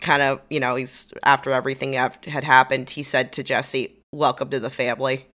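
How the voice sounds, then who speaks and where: A woman with a low voice and a bright, forceful edge recaps a crime show episode on a podcast. She talks in loose, chatty sentences and swears openly. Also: little pitch movement, a little fast. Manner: emotional, swears freely, retells scenes with quoted lines. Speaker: podcast co-host. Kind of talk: casual recap chat.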